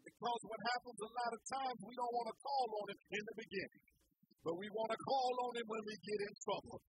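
A preacher delivering a sermon slowly and emphatically, returning again and again to the same rhetorical questions. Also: medium pitch, fairly even intonation, slight background noise, poor audio.

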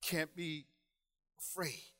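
A man preaching a sermon in a rhythmic style, building to loud, shouted emphasis and then dropping to quiet, drawn-out phrases. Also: fairly high pitch, no echo.

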